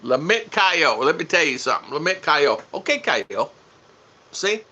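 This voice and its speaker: A man's voice: on the high side, sing-song, moderate pace, bright, forceful tone, slightly rough. A man co-hosting a casual live stream, joking with his wife and greeting viewers by name. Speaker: vlog co-host. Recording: dull lo-fi sound.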